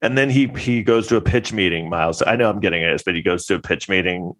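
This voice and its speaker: A man's voice: sits low, fast, a bit bright. A man hosting a podcast, rambling through a mocking, casual commentary with many restarts. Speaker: podcast host.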